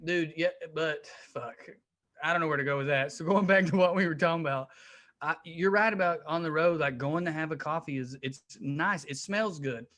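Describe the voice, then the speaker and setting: A man's voice: a little high, moderate pace, fairly bright tone. A man co-hosting a podcast. He makes dry, cynical asides in casual banter. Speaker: podcast co-host.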